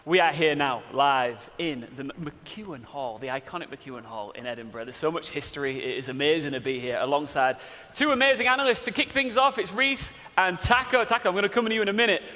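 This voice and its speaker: A man's voice: a little high, fairly quick, sharp tone. A man hosting a live esports broadcast in a large historic hall, upbeat and playful as he hypes the crowd. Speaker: event host. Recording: echoey hall with long reverb.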